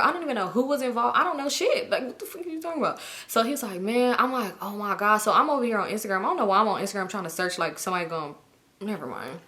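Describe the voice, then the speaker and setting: Animated and casual, a female vlogger narrates a story, jumping sharply in pitch as she performs the lines of every character. It's a storytime vlog.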